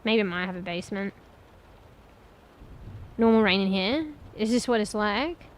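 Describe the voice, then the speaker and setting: A woman streams a game and chats casually with her viewers, speaking to them directly, thinking aloud and swearing now and then. Her medium-pitched voice moves at a normal speed, with no echo but poor audio.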